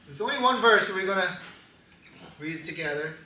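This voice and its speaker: A man with a high, bright voice preaches a relaxed, joking sermon, laughing often between points. He sounds set back from the microphone in a roomy, echoing church hall. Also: moderate pace, a little hiss or hum. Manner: animated, laughing, joking asides. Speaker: pastor. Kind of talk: casual sermon. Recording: echoey hall, distant mic.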